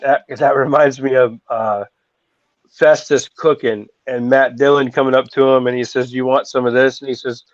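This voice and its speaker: A man's voice: mid-range voice, fairly even intonation, normal speed, dry recording, muffled recording. A man hosting a podcast, chatting casually and laughing often. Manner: laughing, easygoing. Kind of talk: casual chat.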